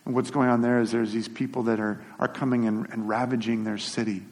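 A man's voice: mid-range voice, little pitch movement, brisk. Man preaching in an echoing hall. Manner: earnest, conversational preaching with repeated words and restarts. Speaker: pastor. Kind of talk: sermon. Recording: long reverb of a large hall.

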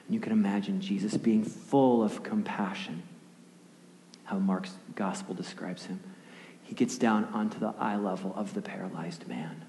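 A male pastor giving a sermon, telling a story vividly and often dropping to a hushed near-whisper, with casual questions to the listeners. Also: on the low side, fairly even intonation, normal speed, slight background noise. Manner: conversational, asks the audience questions. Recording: echoey hall with long reverb.

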